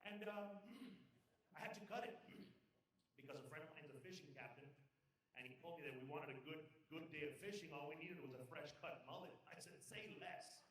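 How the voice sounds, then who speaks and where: Bright-voiced man doing stand-up. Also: fairly high pitch, moderate pace. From South Texas. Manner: chuckles at his own jokes, jumps into loud character voices. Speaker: stand-up comedian. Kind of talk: live stand-up comedy. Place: event hall with live audience. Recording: echoey hall, picked up from far off.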